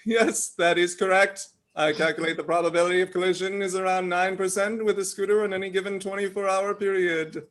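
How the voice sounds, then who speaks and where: A woman's voice: medium pitch, steady tone, fairly quick, few pauses, natural voice. A woman playing a stiff, stilted alien pretending to be human. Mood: matter-of-fact. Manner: stilted, overly formal, literal-minded. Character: stiff formal alien posing as a human newcomer. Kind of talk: comedy sketch rehearsal on a video call.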